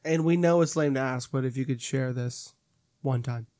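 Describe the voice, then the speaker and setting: A man's voice: medium pitch, moderate pace, darkish tone, dry recording. A man co-hosting a casual podcast, joking and teasing the others. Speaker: podcast co-host. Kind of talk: casual chat.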